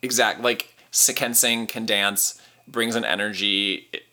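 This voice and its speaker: A man's voice: lowish voice, unhurried. A man hosting and producing a podcast, chatting casually and gushing like a fan, with lots of "like"s. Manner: gushing, animated fan talk with many "like"s. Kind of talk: casual chat.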